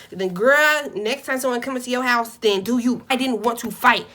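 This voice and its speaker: A young woman vlogger telling a casual storytime, animated and profane, swinging between loud outbursts and muttered asides. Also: a little high, fairly quick, few pauses, noisy background.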